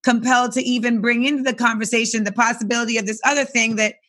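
Bright woman interviewer, halting speech. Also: on the high side, fairly even intonation. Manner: halting, many filler words. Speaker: interviewer and journalist. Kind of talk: casual conversational interview.

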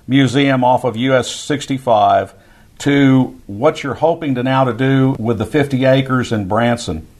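A man's voice: mid-range voice, darkish tone. A man hosting a radio interview, folksy and affirming toward his guest. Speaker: interview host.

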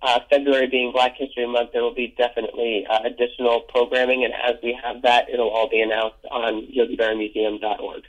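A man's voice: mid-range voice, level tone, quick pace, few pauses, dull audio. A man being interviewed, talking keenly about a museum's programs and stories, often restarting his sentences. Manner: enthusiastic, stumbles and repeats words. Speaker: museum educator and guest. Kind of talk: casual interview.

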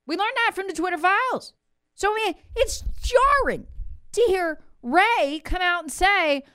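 A woman hosting opinionated political commentary, sarcastic and mocking, with sudden swings between loud jabs and low muttered asides. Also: animated, unhurried, dry recording, clean studio sound. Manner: sarcastic, mocking impressions of officials.

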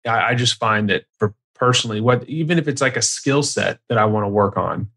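A man's voice: lowish voice, fairly quick, a bit bright. Male podcast host asking questions. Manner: brief encouraging interjections and questions. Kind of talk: interviewing.

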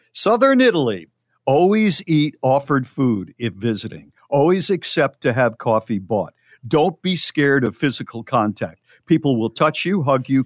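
A man's voice: mid-range voice, no echo, clean studio sound. A man co-hosting a radio show, chatting casually and reading out listener posts with his own asides. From United States.

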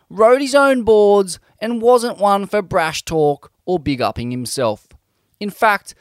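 A man reading scripted narration in a measured storytelling delivery on a close studio mic. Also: high-pitched, clear, resonant tone, no echo. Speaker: podcast narrator.

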